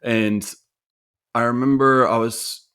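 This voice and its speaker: A man's voice: medium pitch, steady tone, slow, fairly bright tone, clean tone. A man in his thirties, co-hosting a podcast, tells a personal family story in a reflective, earnest way with frequent restarts. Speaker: podcast co-host. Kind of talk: casual conversational storytelling.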